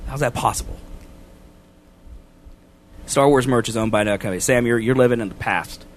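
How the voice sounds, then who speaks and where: A man co-hosting a casual podcast, ranting loudly and getting exasperated. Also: medium pitch, fairly quick. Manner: loud, exasperated ranting that climbs into shouting. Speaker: podcast co-host.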